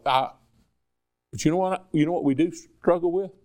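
A man's voice: mid-range voice, animated, a little fast. A man preaching a sermon in a conversational way, acting out dialogue between people and God. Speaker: pastor.

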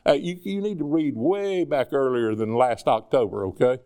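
A man's voice: medium pitch, normal speed, mellow. A man preaching a sermon in a conversational way, acting out dialogue between people and God. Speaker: pastor.

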